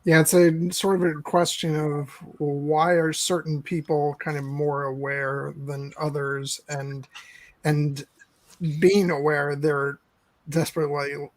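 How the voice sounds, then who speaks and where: A man's voice: on the high side, flat delivery, slow pace, no echo. A man in a casual fan discussion who talks in a hesitant, thoughtful way. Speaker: podcast panelist.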